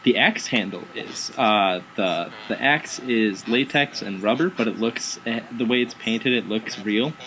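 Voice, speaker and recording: A man chatting casually as a guest, telling lively anecdotes with frequent fillers and laughs. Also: fairly low pitch, a little slow, few pauses, slight background noise, low-quality recording. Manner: animated anecdotes with acted quotes, frequent fillers. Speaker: guest, haunted house actor. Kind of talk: casual chat, storytelling.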